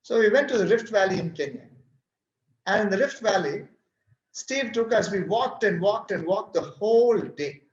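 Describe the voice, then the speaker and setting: A man's voice: high voice, moderate pace. A man from India with an Indian English accent, speaking at a workshop and telling stories animatedly while acting out the dialogue. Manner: animated storyteller who acts out dialogue. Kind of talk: storytelling talk. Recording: roomy, dull-sounding recording.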